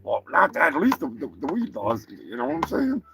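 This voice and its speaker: A man's voice: on the high side, wildly swooping pitch, a little fast, creaky, crowd noise. A man hosting a comedy livestream, joking around in a crude, loose way. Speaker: livestream host. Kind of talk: casual banter on a comedy livestream.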